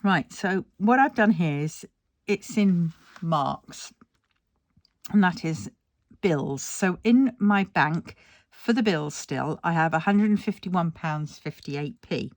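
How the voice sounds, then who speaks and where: An older Englishwoman who vlogs about budgeting chats casually about her money, rambling, self-deprecating, a bit tired and yawning. Her lowish voice is animated but slow, and the recording is dry.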